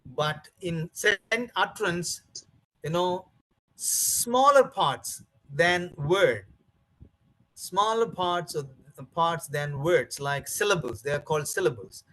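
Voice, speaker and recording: A man leads a teacher-training session in a high voice. He talks emphatically, repeating key words over and over and filling pauses with "uh" and "you know". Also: animated, sharp tone, poor audio. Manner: repetitive, emphatic, many fillers. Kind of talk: training lecture.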